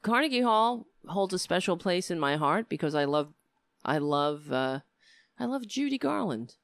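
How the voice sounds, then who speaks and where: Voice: medium pitch, very animated, normal speed, fairly bright tone, dry recording, studio quality. A middle-aged livestream host talking straight to viewers, ranting in a heated, profane way and sometimes slipping into easygoing chat. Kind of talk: casual livestream talk.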